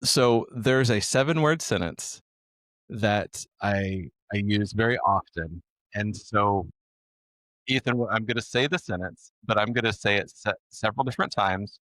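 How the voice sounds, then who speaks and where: Man, sales trainer guest, low voice, emphatic, deliberate, dry sound. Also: fairly bright tone, no echo. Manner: emphatic, deliberate, repeats words for stress. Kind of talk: conversational interview.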